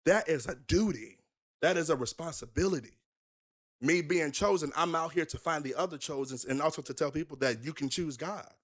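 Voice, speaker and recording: Young male minister, interview guest, emphatic storyteller, somewhat high voice. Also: brisk. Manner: animated, emphatic, rhetorical questions. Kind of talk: candid conversational storytelling.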